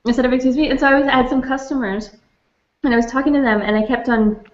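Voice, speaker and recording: A woman's voice: sits high, fast talker, reverberant, muffled recording. A woman from Canada in a casual book club chat, telling stories with frequent laughter. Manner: laughing, storytelling.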